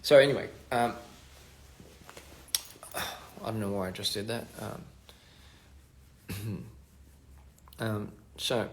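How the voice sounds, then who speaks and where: Soft-spoken man with a gravelly low voice. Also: takes it slowly, pauses often, background noise. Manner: rambling, trails off, soft-spoken asides. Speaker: livestream host reading fan comments. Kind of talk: casual livestream chat. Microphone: phone.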